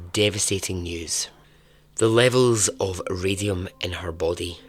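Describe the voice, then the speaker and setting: A man, hosting a podcast and telling a true story in a casual, chatty way, breaking into animated asides and frequent laughs. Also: low voice. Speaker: podcast host.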